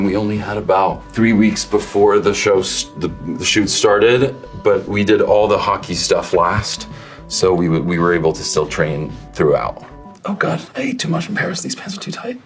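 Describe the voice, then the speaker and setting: A man with a very low, deep voice talks easily about his work, thoughtful and unhurried, circling back on his own phrases. He is from Canada. The sound is roomy, with a soft bed of music behind him. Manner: relaxed, thoughtful, restarts his sentences. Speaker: actor. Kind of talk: casual talk to camera.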